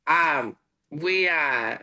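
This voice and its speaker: A man talking as a guest over a video call, halting and full of fillers as he tells a story. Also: fairly high pitch, animated, bright, forceful tone, poor audio. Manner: halting, lots of fillers and restarts, laughs along.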